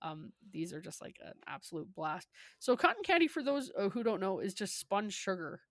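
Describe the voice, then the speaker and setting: A woman co-hosting a laid-back podcast chat, mid-pitched and dry, as if close to the mic. She laughs easily and talks in a loose, rambling way, full of fillers. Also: sing-song, normal speed, a bit bright, no echo. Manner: giggly, chatty, full of "like" fillers. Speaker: podcast co-host. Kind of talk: casual chat.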